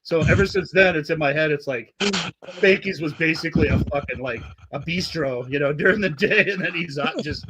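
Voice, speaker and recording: A man's voice: fairly high pitch, fairly quick, background noise. Profane, laughing male podcast host. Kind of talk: casual podcast chat.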